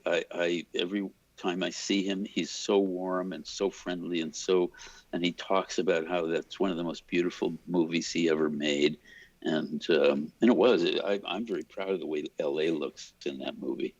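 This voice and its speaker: Speaking at normal speed in a deep voice, an older man who works as a cinematographer tells stories as an interview guest, acting out the people he quotes with their voices. The recording is dull and lo-fi, with no room sound.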